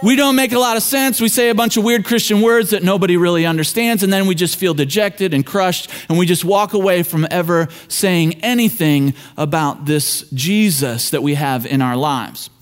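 A man's voice: high-pitched, moderate pace, few pauses. A middle-aged man, a pastor, telling a family story in a conversational, folksy way as part of a sermon.

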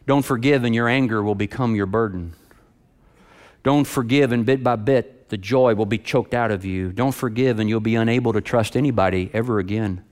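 A male preacher delivering a sermon, swinging from loud, high emphasis to low, hushed delivery. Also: moderate pace.

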